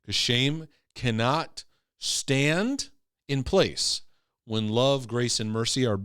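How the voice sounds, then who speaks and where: A man's voice: medium pitch, slow pace, fairly bright tone, clean tone, no room sound, studio quality. A man, a Christian teacher and former pastor, teaching to camera with emphasis, repeating key phrases and checking in with "right?" and "okay?".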